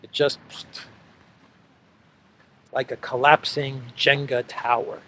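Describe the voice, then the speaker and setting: A man's voice: medium pitch, flat delivery, slow pace, fairly bright tone, slight background noise. A man hosting a solo political commentary show, talking sarcastically and repeating phrases for effect.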